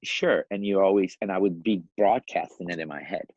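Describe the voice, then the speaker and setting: A man in his fifties from Iran, a podcast guest telling his life story in a lively, animated way, often laughing and acting out the voices of other people. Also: low-pitched, a little fast, no room sound, muffled recording. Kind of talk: casual storytelling.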